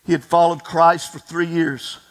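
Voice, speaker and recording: A man preaching a sermon to a congregation, telling a story dramatically, sometimes dropping to a hush and sometimes rising to a shout, and speaking straight to his listeners. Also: a little high, little pitch movement, a little slow, poor audio. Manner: addresses the congregation directly. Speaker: pastor.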